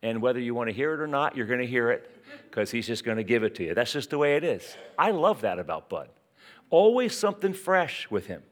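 A man's voice: medium pitch, big pitch swings, a little fast. A man preaching a sermon in church, talking in a conversational way with lots of rhetorical questions and asides. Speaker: pastor.

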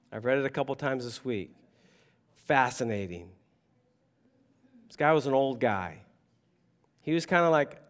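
A man preaching a sermon, animated and conversational, with humor and asides to the congregation. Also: medium pitch, clear, resonant tone. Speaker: pastor.

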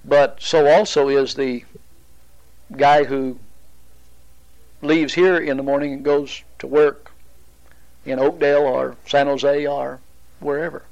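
A man teaching a Bible study, explaining at a deliberate pace with pauses and restarts. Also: a little high, flat delivery, creaky, a little mellow, dull audio.

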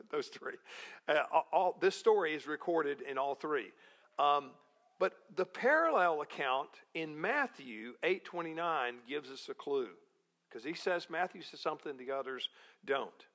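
Slow, high-voiced male preacher. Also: expressive, a bit bright. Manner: slow, deliberate preaching with rhetorical questions. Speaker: pastor. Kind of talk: sermon.

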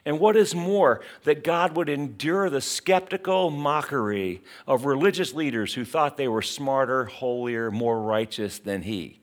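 A man's voice: medium pitch, a little slow, hardly any pauses. A middle-aged man preaching a sermon, emphatic and dramatic, full of rhetorical questions. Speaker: pastor.

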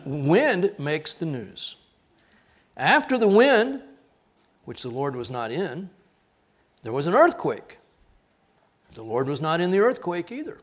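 A middle-aged man from Texas preaching a sermon, telling folksy stories in an animated way. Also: mid-range voice.

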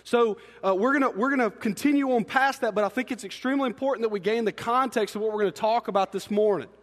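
A young man preaching in a church sanctuary, his fast, excitable, joking delivery carrying a long reverb tail. His voice sits high for a man and bursts with enthusiasm. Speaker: student ministry pastor. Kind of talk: energetic sermon.

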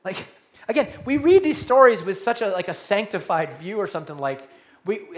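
Guy preaching a sermon, kinda high voice, repeats stuff, gets real quiet then loud again. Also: normal speed. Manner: animated preaching, repeats key lines, drops to quiet soft tones for emphasis. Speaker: pastor.

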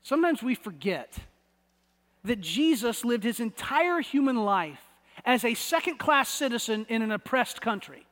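A man's voice: extremely high pitch, big pitch swings, unhurried, fairly bright tone, big-room sound. A man from the United States preaching a sermon, conversational and often repeating words as he searches for the phrasing. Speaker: pastor.

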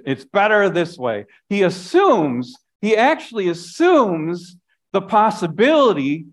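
Pastor guy preaching, pretty high voice, earnest, repeats stuff, goes quiet to make a point. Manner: earnest, repeats phrases, drops to soft emphasis. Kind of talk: sermon.

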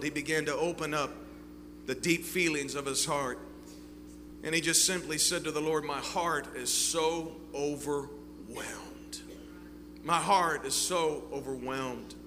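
A male pastor preaching a sermon with fervent swings between loud and hushed delivery. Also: a little high. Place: church sanctuary. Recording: reverberant hall with faint hum.

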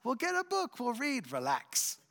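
A man voicing his exasperated wife as she calmly brushes off his news. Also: extremely high pitch, normal speed, vocal fry, in a large hall, pitched above the performer's own voice, exaggerated voice. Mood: dismissive.

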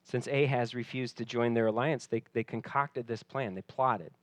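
Male preacher, mid-pitched, expressive sermon delivery, dry close mic. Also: normal speed, no room sound. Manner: expressive, drops to soft voice for quoted lines. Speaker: pastor.

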